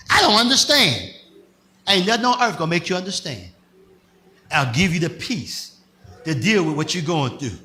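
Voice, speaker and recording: A male pastor preaching a sermon, swinging from loud shouted lines to soft asides with bursts of laughter. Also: a little high, sing-song, moderate pace, long pauses.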